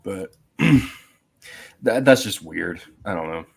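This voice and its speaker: A man's voice: low-pitched, animated, slow pace, creaky, slightly rough. A man hosting a casual movie podcast over a video call, rambling with fillers and restarts. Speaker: podcast host.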